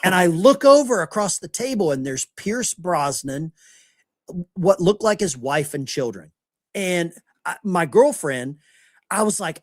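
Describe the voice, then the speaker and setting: A man's voice: high-pitched, expressive, moderate pace, no room sound. A middle-aged American man telling anecdotes in casual podcast chat and acting out the people he quotes. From United States. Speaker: podcast host.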